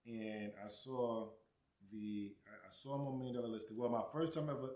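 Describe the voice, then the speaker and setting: A man's voice: mid-range voice, fairly even intonation, moderate pace, warm tone. A young adult man hosting a real estate channel, telling stories and reacting in a casual, chatty way, full of "right?" and "you know". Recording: roomy echo.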